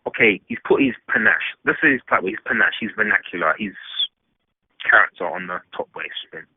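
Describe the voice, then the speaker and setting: A man's voice: lowish voice, fairly quick, husky, no room sound. A man from England, ranting animatedly and emphatically in a casual phone discussion. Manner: animated, emphatic, rambling rant. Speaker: panel guest. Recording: tinny phone line.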